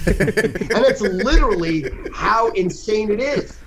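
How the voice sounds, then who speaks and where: A man in his sixties talking as a guest over a phone call, boisterous and profane, with sudden loud outbursts. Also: sits high, sing-song, slow pace, long pauses, crowd noise. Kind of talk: casual podcast chat.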